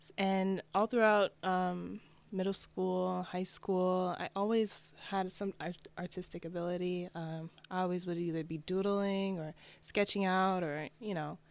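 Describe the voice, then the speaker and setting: A woman's voice: on the low side, measured pace, gravelly. Laid-back young woman from New Jersey. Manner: relaxed, laid-back slang. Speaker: fashion designer guest. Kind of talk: casual interview.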